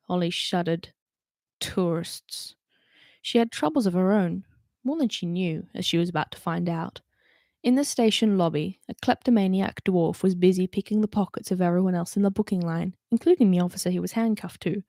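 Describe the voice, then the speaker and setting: A woman's voice: on the low side, normal speed, mellow, no echo. Woman reading a novel aloud, dry sound. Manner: chatty asides between passages. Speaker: reader.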